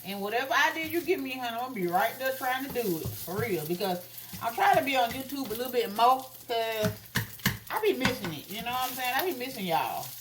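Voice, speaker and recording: A young woman in braces chatting casually to her viewers while she cooks at home, talking straight to them with drawn-out asides. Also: a little high, lively intonation, noisy background. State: wearing new braces, teeth clanging. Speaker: vlogger. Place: home kitchen. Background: food sizzling in a pan.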